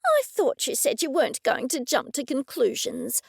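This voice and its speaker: A woman doing a chirpy, high-voiced landlady. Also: huge pitch swings, normal speed, creaky, no echo, clean studio sound, full character voice. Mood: cheerful. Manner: bright and chirpy. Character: lively, cheerful woman friend, a landlady.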